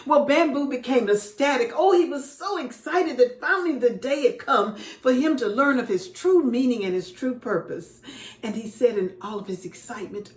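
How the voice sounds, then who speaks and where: A woman reading a story aloud with expression, dropping to a whisper at quiet moments. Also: on the high side, normal speed, echoey room. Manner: expressive, drops to whispers for effect.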